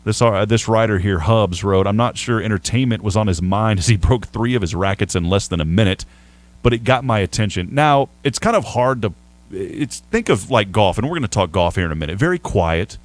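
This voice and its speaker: A man's voice: on the low side, fairly quick. A man hosting a sports radio show, talking casually and jokingly in a studio. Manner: animated, chatty, jokey.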